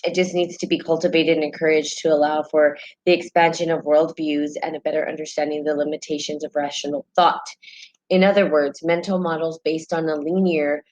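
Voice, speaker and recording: Host, female, New Mexican accent, deep register, chatty live-stream talk that breaks off to greet viewers. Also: rough recording. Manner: chatty, greets viewers mid-sentence, many ums. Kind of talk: casual live-stream talk and reading aloud.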